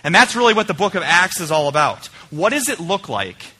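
A male pastor preaching a conversational sermon in a church, swinging between emphatic points and quiet, searching questions. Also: high-pitched, very animated, fairly quick, husky. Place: church sanctuary.

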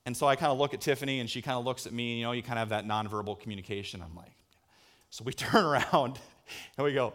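A male pastor preaching a sermon, telling a lively personal story and acting out the voices in it. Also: a little fast. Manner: animated storyteller, acts out voices with big pitch jumps. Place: church hall with a screen.

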